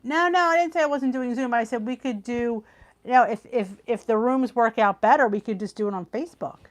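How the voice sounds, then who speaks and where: Fairly high-pitched and brisk, this chatty middle-aged woman runs a live cooking stream from home over a video call, heard through her computer. She reads viewer comments aloud, gasps, trails off mid-thought, and sounds heat-weary and yawny.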